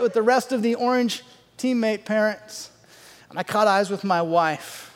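A middle-aged man telling a comic story on stage, animated, with loud outbursts and hushed asides. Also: high voice, a little slow. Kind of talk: stand-up storytelling. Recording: long reverb of a large hall.

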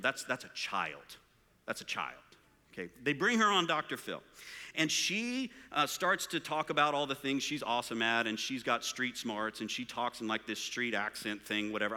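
A man's voice: mid-range voice, sharp tone. A man preaching a live sermon, joking and asking the room rhetorical questions. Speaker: pastor. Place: large church hall. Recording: long hall reverb.

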